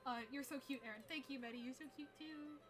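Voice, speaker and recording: With faint music playing, a young VTuber artist chats casually on her live stream in a high voice at a quick pace. She gushes excitedly, laughs a lot, and lets a swear slip here and there.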